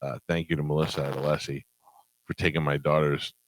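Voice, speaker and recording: A middle-aged man hosting a morning radio show, joking in rapid, crude banter. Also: rumbling low, level tone, no echo.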